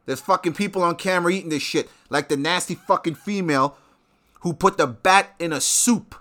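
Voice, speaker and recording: Profane ranting man, bright voice. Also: a little high, fairly quick. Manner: profane, animated ranting with sudden loud outbursts. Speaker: show host. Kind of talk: ranting monologue.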